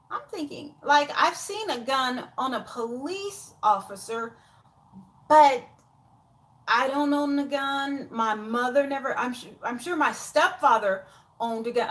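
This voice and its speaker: A woman's voice: sits high, sharp tone. A woman talking to camera in a casual vlog, full of exasperated, incredulous rhetorical questions. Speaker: YouTuber.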